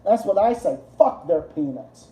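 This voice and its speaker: Man live-streaming, rambling, swears a lot, very dark mellow voice, roomy echo. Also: sits high, lively intonation, moderate pace. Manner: rambling, profane, laughs at own jokes. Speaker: livestream host. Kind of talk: casual livestream chat.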